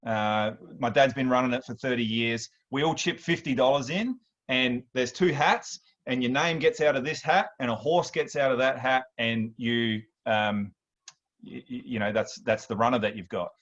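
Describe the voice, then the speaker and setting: A man in his thirties with an Australian accent, hosting a workshop and telling stories in a chatty, animated way, often restarting his sentences. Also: mid-range voice, moderate pace, lo-fi sound. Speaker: workshop host. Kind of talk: casual storytelling talk.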